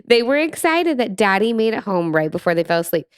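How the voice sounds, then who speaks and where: A woman's voice: mid-range voice, fairly quick, smooth, dry recording, clean studio sound. A woman co-hosting a podcast with her husband, telling a family story expressively in casual chat. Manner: expressive storyteller, laughs easily. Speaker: podcast co-host.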